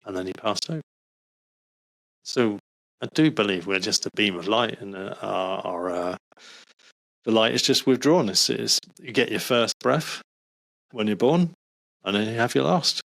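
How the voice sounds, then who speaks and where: A man speaking as a podcast guest, talking earnestly in casual conversation and often trailing off softly. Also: lowish voice, normal speed, gravelly, long pauses, no echo. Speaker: doctor.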